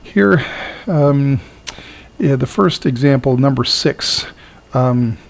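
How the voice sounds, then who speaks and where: A man teaching a recorded lesson, halting with frequent fillers and repeating words slowly to model their sound. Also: mid-range voice, expressive, creaky. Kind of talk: recorded lecture.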